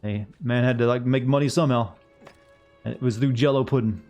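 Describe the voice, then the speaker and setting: Over soft background music, a game streamer chats casually and rambles, cracking jokes with his chat as he plays. His mid-range, darkish voice moves briskly with fairly even intonation.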